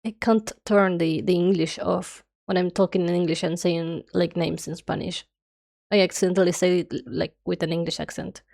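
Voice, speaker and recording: A woman's voice: on the low side, steady tone, normal speed, vocal fry, darkish tone. A young woman streamer chatting casually and rambling nonstop while she draws, her nose stuffy. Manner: rambling, chatty, self-described yapping.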